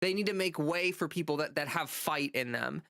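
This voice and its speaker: A woman's voice: sits low, moderate pace, vocal fry, fairly bright tone, no echo. A woman streamer on an impassioned political rant, stumbling through restarts and leaning hard on fillers. She sighs in exasperation now and then. The recording is close and dry.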